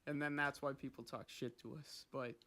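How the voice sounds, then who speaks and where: A man's voice: mid-range voice, moderate pace. A young man hosting a podcast, rambling and swearing in casual chat. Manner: rambling, profane, animated. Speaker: podcast host.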